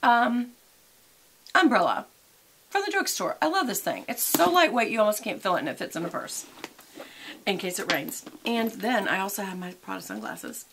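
Applying makeup and eating as she goes, a middle-aged woman with a drawl chats and rambles unscripted in her casual makeup and chat vlog, treating viewers like friends and hopping from topic to topic. This beauty and lifestyle vlogger has a medium-pitched, very animated, slightly bright voice at a moderate pace, with a little hiss or hum in the audio.

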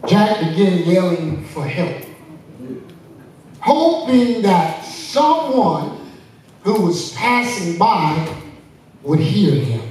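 A man's voice: sits high, darkish tone, a little hiss or hum. A male pastor preaching a sermon, leading the congregation in call-and-response and telling a story. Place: church sanctuary. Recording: echoey church from far off.

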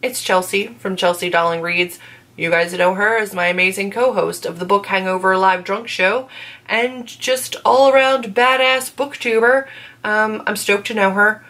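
A woman's voice: medium pitch, fairly bright tone. A young woman hosting a casual book vlog from home, gushing with enthusiasm about her favorite reads. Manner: gushing, enthusiastic, lots of "like" and "so amazing". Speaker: booktuber host.

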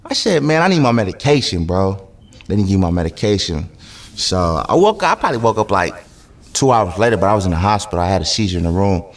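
A man's voice: deep voice, very animated, fast talker. A man from California, a podcast guest, telling a story in casual chat, acting out other people's lines and swearing freely.

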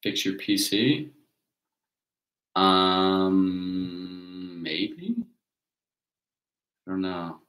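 A man hosting a casual livestream, answering viewer questions in a relaxed, rambling way. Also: sits low, extremely slow, long pauses, low-quality recording. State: hiccups. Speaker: livestream host.

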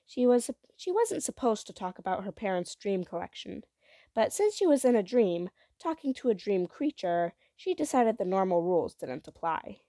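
A woman reading the first chapter of a children's novel aloud in a gentle, even storytelling voice. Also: mid-range voice, normal speed, dry recording, studio quality. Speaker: reader.

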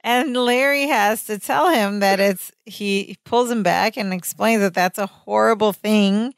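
A woman's voice: mid-range voice, measured pace, no echo, studio quality. A woman co-hosting a podcast, recapping a sitcom episode in casual chat and acting out the quoted lines. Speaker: podcast co-host.

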